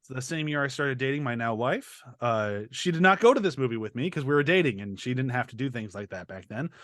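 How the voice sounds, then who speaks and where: A man's voice: medium pitch, lively intonation, brisk, fairly bright tone, dry recording, studio quality. A man in his thirties hosting a casual podcast chat, joking and rambling, laughing often. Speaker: podcast host.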